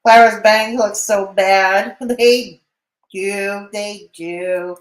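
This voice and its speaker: A woman's voice: medium pitch, fairly even intonation, extremely slow, roomy sound, rough recording. A woman hosting a livestream, chatting sarcastically with her co-host and viewers. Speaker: streamer host. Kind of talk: casual livestream chat.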